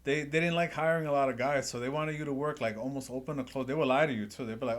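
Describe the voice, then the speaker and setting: A man, a podcast guest, talking in a relaxed, reflective way about old jobs. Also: a little high, racing, few pauses. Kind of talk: casual conversation.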